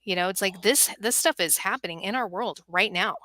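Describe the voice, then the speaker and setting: Bright, earnest middle-aged woman speaker. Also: medium pitch, fairly quick, dry recording. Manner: earnest, animated storytelling with acted quotes. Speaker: podcast host and workshop speaker for moms. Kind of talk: guest on a talk show.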